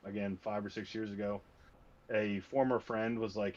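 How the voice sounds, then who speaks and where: A man's voice: on the low side, fairly even intonation, a little fast. A man who runs tabletop games, chatting casually and telling stories with frequent restarts and cursing for emphasis. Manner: storytelling, swears for emphasis, self-interrupting. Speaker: game master and host. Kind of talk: casual chat. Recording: slightly muffled lo-fi stream audio.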